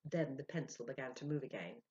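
A woman storyteller giving an expressive reading of a ghost story, dropping to a hush at tense moments. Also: a bass voice, moderate pace, slightly rough, dull audio.

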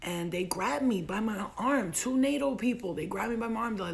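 A young American woman telling a personal story in casual chat, animated and profane, acting out what people said in a raised voice. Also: medium pitch, a little fast, gravelly, few pauses. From United States.

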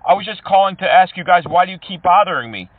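A man's voice: high-pitched, animated, quick pace, no room sound, distant mic. A man making a prank phone call, complaining with mock indignation and needling the person on the line. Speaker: prank caller trolling scammers.

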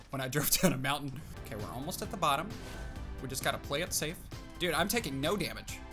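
A young man giving jokey gameplay commentary as a YouTuber, talking to himself and his car with sudden excited outbursts. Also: on the high side. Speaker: gaming YouTuber.

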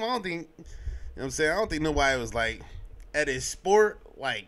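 A young man hosting a podcast, giving his sports opinions in a casual, animated way, full of slang and restarts. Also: on the high side, fairly quick. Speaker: podcast host.

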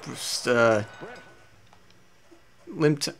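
Lively rambling young man gaming. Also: mid-range voice, very slow, gravelly, slight background noise. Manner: rambling, self-mocking, swears often. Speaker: let's play host. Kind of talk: casual gameplay commentary. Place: at home with a cat.

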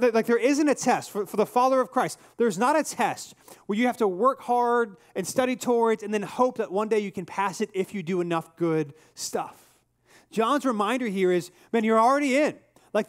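High-voiced earnest male pastor preaching. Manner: conversational, earnest, tells personal stories. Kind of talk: sermon.

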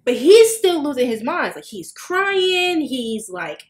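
A woman on a podcast telling a personal story in casual chat, swearing freely and acting out quotes with sudden high, loud bursts. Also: slow pace. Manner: animated, swearing, acts out quotes with big jumps in pitch. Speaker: podcast co-host.

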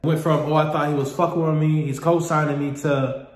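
A man's voice: fairly high pitch, fairly even intonation, brisk, roomy sound. A man vlogging a personal story in a candid, profane, rambling way, often repeating himself. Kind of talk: casual storytelling monologue.

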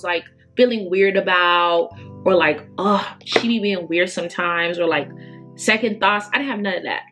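A woman's voice: mid-range voice, a bit bright. Chatty young woman vlogger over guitar. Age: 20s. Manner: chatty, emphatic, lots of fillers. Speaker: beauty vlogger. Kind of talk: casual chat to camera.

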